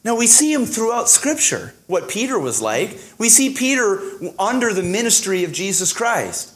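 A man's voice: sits high, big pitch swings, normal speed, a bit bright. A man preaching a sermon, reading scripture and acting out the dialogue with many fillers and restarts.

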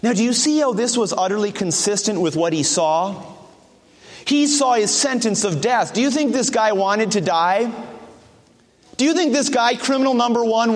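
High-voiced preacher in an echoing church. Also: male voice. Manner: questions the congregation directly. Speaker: pastor. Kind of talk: sermon.

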